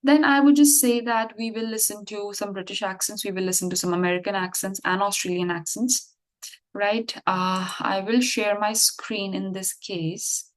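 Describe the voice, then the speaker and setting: A woman's voice: medium pitch, fairly even intonation, normal speed. A woman English teacher explaining things in a casual online lesson, talking with fillers and restarts. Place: online class with screen sharing.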